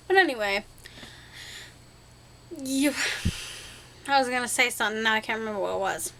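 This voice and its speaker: A young woman rambles to her camera in a high voice, chatty and goofy, tossing in made-up words and laughing at herself. Her tone is bright and sharp, and she talks like she is catching up with friends. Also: moderate pace, long pauses, a little hiss or hum. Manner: chatty, silly, self-deprecating, playful made-up words. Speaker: vlogger. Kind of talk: casual rambling to-camera vlog.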